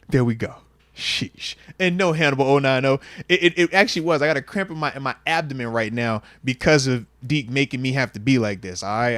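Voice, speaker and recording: A man hosting a casual sports talk show, playful and animated, often laughing and repeating himself. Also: mid-range voice, no room sound. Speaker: podcast host.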